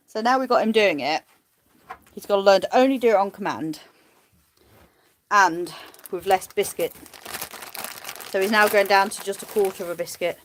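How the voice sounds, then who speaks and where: Filmed on a tripod-mounted phone, a smallholder livestreams from her farm, rambling to viewers about her animals and restarting frequently. She speaks at medium pitch and a moderate pace, pausing often, and a little hiss or hum is audible.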